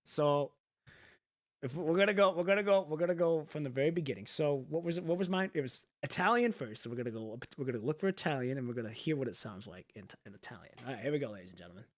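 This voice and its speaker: Guy chatting to his viewers, kinda high voice, loose and rambly, swears now and then. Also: animated, fast. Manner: rambling, thinks out loud, swears casually. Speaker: streamer. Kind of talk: casual chat to viewers.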